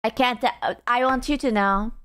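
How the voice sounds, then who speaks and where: A woman's voice: a little high, moderate pace, a bit bright, clean tone. A woman streamer chatting casually with her viewers, dramatic and self-deprecating, swearing freely.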